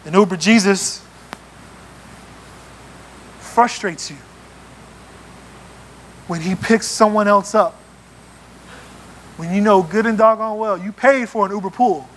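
A man preaching a sermon in a church, animated and playful, acting out little scenes as he goes. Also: high voice, slow pace, pauses often. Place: church sanctuary.

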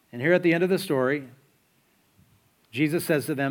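A man's voice: a little high, brisk, pauses often. Conversational male pastor preaching a sermon. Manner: conversational storytelling, rhetorical questions.

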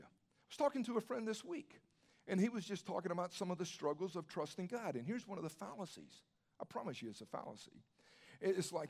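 A man's voice: high voice, sing-song, brisk, creaky, darkish tone, slightly rough. A man pastor preaching a sermon in a conversational way, asking rhetorical questions and repeating his key phrases for emphasis.

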